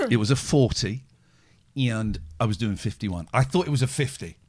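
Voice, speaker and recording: A man's voice: on the low side, expressive, normal speed. A man hosting a podcast, chatting casually and mocking himself as he jumps from one tangent to the next. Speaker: podcast host. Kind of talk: casual chat.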